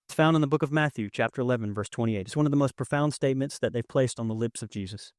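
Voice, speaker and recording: A young man preaching a sermon as pastor, conversational and emotional, swinging from loud to hushed. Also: medium pitch, fast talker, no echo, studio quality. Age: young adult. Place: church sanctuary with audience.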